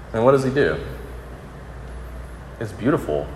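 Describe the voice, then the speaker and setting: A man preaching a conversational sermon to college students, building to emphatic peaks and dropping to soft, tender passages. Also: on the low side, normal speed, a little hiss or hum. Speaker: campus minister. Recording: roomy hall with long reverb.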